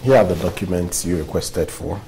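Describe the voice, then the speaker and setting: A man playing a happily engaged office worker, speaking in a calm, mild way. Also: low voice, normal speed, a little hiss or hum. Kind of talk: film acting.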